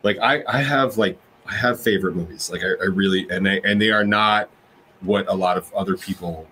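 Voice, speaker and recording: A man's voice: sits low, brisk, pushed and bright, breathy edge, rough recording. A man talking as a podcast guest, rambling and laughing, with casual swearing. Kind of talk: casual chat.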